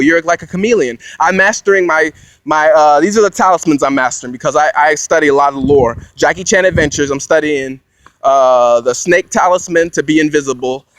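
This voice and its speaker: A young man with a voice a touch higher than most rambles through a monologue. He jumps from one grand claim to the next and mocks himself as he goes, talking into a phone. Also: a bit bright, no echo, low-quality recording. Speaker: vlogger.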